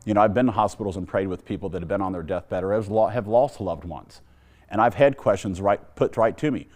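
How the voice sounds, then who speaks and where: A man's voice: on the low side, a little fast, a little mellow. A man telling his personal faith testimony in an earnest storytelling way, exhorting listeners. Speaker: testimony speaker.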